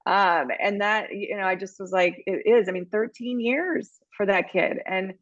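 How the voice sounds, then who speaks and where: A woman's voice: mid-range voice, moderate pace, dry recording, highs cut off. A middle-aged woman co-hosting a podcast, telling stories in a rambling, emotional way with many restarts. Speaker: podcast co-host and baseball team reporter. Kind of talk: casual chat.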